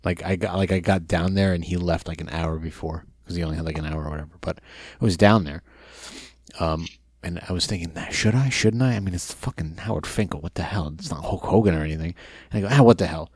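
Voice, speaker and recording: A man from New Jersey, co-hosting a casual chat over a video call and telling profane, animated stories. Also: deep voice, fast talker, slightly rough, no room sound. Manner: profane, storytelling, animated impressions. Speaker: podcast co-host.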